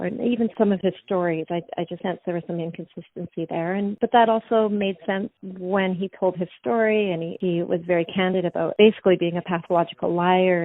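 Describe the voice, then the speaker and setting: A woman calmly analyzing an interview, thoughtful and measured, using psychological terms. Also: fairly low pitch, dry recording. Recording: dry, tinny phone-like sound.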